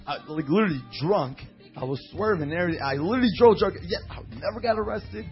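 An animated man preaching from the pulpit, his voice on the higher side. He reads scripture slowly and drifts into personal stories packed with fillers and acted-out voices. The recording is dull and lo-fi, with faint music underneath. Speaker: pastor. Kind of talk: sermon with storytelling.

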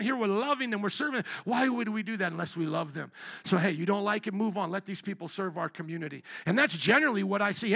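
A man preaching with a high, bright voice that carries a gravelly edge. He builds from storytelling into shouted scripture and calls for amens from the congregation. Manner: animated preaching, rising to shouts and call-and-response. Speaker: pastor. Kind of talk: sermon.

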